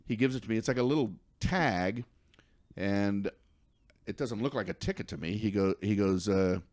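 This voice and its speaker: A man, a comedian guest on a podcast, telling an animated story and acting out the other people's lines. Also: lowish voice, moderate pace, no room sound.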